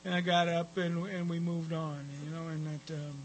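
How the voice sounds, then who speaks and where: A man's voice: fairly high pitch, level tone, normal speed, slight background noise, poor audio. A man giving a rambling personal talk at a recovery meeting, with frequent fillers and some profanity.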